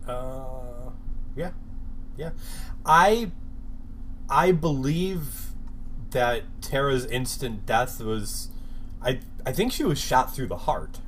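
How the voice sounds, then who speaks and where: A man's voice: medium pitch, slow, long pauses, a bit bright, slight background noise, rough recording. A man co-hosting a podcast in casual chat, giving laughing, agreeable replies. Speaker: podcast co-host.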